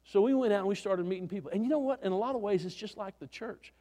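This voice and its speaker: Male preacher, high-pitched, folksy sermon storytelling with restarts, reverberant hall. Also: fast, mellow.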